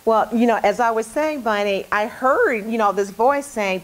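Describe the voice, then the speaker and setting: A woman's voice: on the high side, moderate pace. A woman talk show host, now the guest in an interview, telling a personal story in a candid, heartfelt way.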